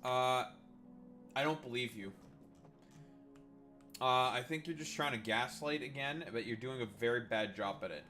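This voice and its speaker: A man's voice: medium pitch, moderate pace, pauses often, sharp tone, soft background music. A man hosting a livestream, trash-talking and teasing his chat in a mocking way. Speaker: livestream host.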